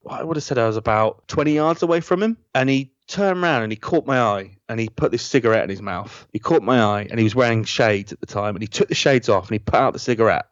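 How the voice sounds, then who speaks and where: A man's voice: mid-range voice, quick pace, few pauses, dry recording, highs cut off. A man, a comedian guest telling a rambling, eager story and repeating himself mid-sentence. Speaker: podcast guest, stand-up comedian. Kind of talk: casual chat, storytelling.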